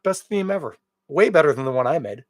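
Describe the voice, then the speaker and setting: A man hosting a beer podcast in casual solo chat, rambling and joking, with big swings between loud bursts and quiet asides. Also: on the high side, quick pace, dry recording, studio quality. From Canada. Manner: rambling, jokey and animated, with big swings in loudness.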